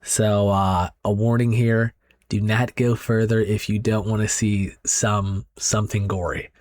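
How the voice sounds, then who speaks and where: A man's voice: fairly low pitch, level tone, unhurried, a little mellow, dry recording, clean studio sound. A young man giving casual commentary over a horror manga recap, reacting aloud as he goes.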